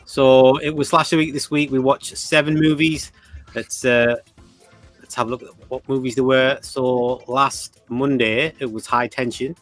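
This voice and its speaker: A man's voice: mid-range voice, steady tone, fairly bright tone, faint music behind. A man co-hosting a casual livestream, reading out viewer comments and greeting people in chat. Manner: chatty, greets viewers, quick bursts. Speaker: livestream co-host.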